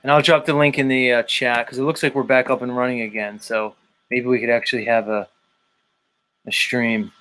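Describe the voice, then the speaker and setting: A livestream host with a medium-pitched, fairly bright voice speaks briskly in a level tone. He chats loosely with guests and the chat, swearing freely.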